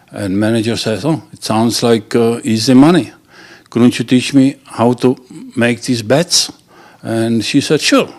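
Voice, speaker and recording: Slow-talking man telling jokes. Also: medium pitch. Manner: halting, with many fillers and restarts. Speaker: joke teller. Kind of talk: casual joke telling.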